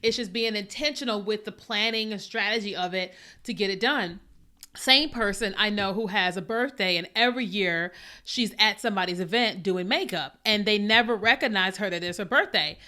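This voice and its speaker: A woman's voice: mid-range voice, normal speed, bright, forceful tone. A woman podcast host telling personal stories in a casual, conversational faith talk, with lots of fillers and asides.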